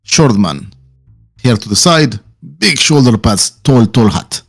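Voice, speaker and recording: A man acting as game master, narrating casually with frequent pauses and restarts. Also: medium pitch, animated, gravelly, soft background music.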